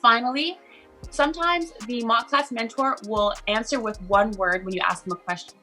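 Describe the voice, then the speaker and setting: Upbeat woman teaching mentor, slightly high, bright tone, faint music under. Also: normal speed. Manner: upbeat, encouraging. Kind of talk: instructional video chat.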